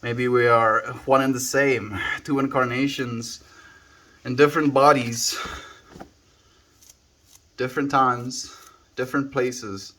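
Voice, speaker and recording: South African man, mid-pitched, relaxed livestream chatter, phone mic at home. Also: slow pace, pauses often. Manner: laid-back, musing, thanks viewers by name. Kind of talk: casual livestream chat with viewers. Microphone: handheld phone.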